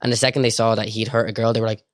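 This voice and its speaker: A young Irish man chatting as a podcast guest, telling stories in a rapid, rambling way with lots of filler words. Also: on the low side, little pitch movement, dry recording, clean studio sound. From Ireland. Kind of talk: casual storytelling chat.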